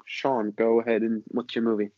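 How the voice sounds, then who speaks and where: A man's voice: medium pitch, flat delivery, normal speed, no room sound. A man hosting a podcast, teasing and sarcastic in casual chat. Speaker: podcast host. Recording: dry, dull lo-fi sound.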